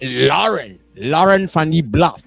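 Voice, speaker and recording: Excitable gravelly South African man. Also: on the high side, slow, soft background music. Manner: animated, bursts into shouts and whoops. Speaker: reaction streamer. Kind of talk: live reaction commentary.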